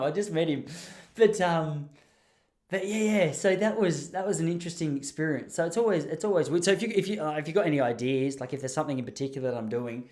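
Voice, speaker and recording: A young Australian man hosting a podcast, telling casual stories in a chatty, self-deprecating way. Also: medium pitch. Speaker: podcast host. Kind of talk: casual storytelling monologue.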